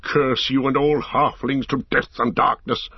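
A man's voice: medium pitch, steady tone, a little slow, vocal fry, husky, dry recording, pitched above the performer's own voice. Give me a fervent proud warrior man, as a male narrator plays him, pleading and raging, in a dry audiobook recording. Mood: furious. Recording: slightly dull lo-fi recording.

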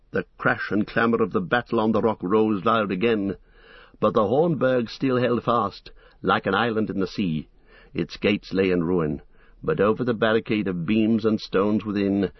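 A man narrating a storybook reading in a steady, measured way. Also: on the low side, dry recording. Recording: dull lo-fi recording.

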